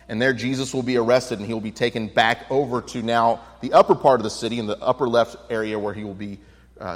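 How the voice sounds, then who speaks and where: Man, Bible teacher, earnest, explanatory, reads scripture aloud, middle pitch, long reverb from a large room. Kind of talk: Bible study lecture. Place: room with a projection screen.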